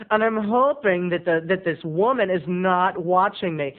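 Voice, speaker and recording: A man telling a funny personal story in an animated, self-mocking way with quick asides, heard through a tinny phone-like sound. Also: high-pitched. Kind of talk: comic storytelling.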